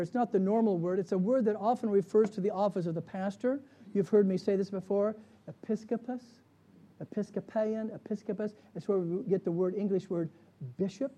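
A man's voice: sits high, mellow. A man, a pastor, leading a conversational Bible study, often checking in with the class with questions.

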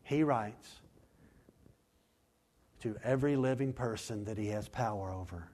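A man preaching a sermon, dropping to slow, quiet emphasis and climbing to loud, raised scripture reading, with quick acted asides. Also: lowish voice. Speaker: pastor.

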